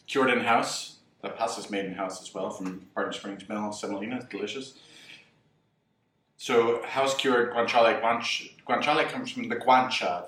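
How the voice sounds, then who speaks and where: A man's voice: lowish voice, fairly bright tone, recorded from a distance, slight background noise. A man hosting a casual cooking demonstration as a chef, talking loosely with jokes and asides. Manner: joking, loose, many ums and asides. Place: kitchen. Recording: roomy kitchen, mic set back, faint sizzle.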